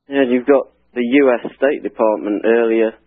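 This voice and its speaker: Husky low-voiced man on a tinny line. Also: fairly even intonation, normal speed, dry recording. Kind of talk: radio talk. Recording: tinny dry radio sound.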